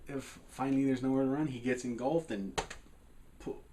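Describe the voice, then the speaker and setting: A man's voice: mid-range voice, fairly even intonation, moderate pace, background noise. A man casually recapping a film's plot, rambling with restarts. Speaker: film reviewer.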